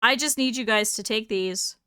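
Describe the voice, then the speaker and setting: A woman voicing an irritable man in charge who is gruff, exasperated and cornered. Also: a little high, moderate pace, bright, forceful tone, no room sound, studio quality. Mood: resigned. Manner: gruff, exasperated, turns panicky.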